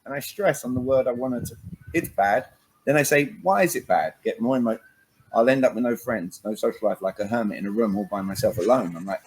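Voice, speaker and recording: In lively interview chat, a British man who coaches communication speaks fast in a husky, mid-range voice. He drives points home emphatically, tosses in "all right," and performs small dialogues, all on poor audio.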